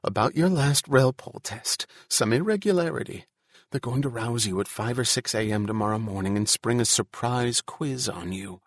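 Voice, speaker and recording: A man doing a rapid, fearful furtive neighbor. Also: medium pitch, dry recording, natural voice. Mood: urgent. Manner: rapid, fear-filled whispering urgency.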